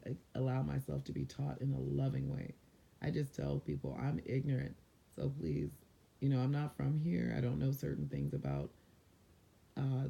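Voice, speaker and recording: A man's voice: medium pitch, vocal fry, warm tone, highs cut off. A man from San Diego giving casual motivational advice to viewers in a loose, conversational way. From San Diego, California. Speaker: mindfulness vlogger.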